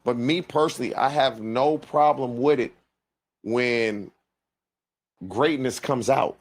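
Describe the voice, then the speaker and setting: A man's voice: mid-range voice, takes it slowly. A man on a sports talk panel, blunt and emphatic, laying out his opinions plainly. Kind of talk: sports talk show debate.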